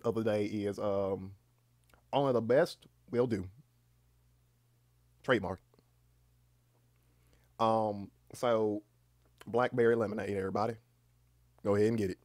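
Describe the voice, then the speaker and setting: Young man, livestream host, casual chat, low voice, halting and rambling, deadpan self-mockery. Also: dry recording, studio quality. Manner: rambling and halting, with many restarts; deadpan, self-mocking humor.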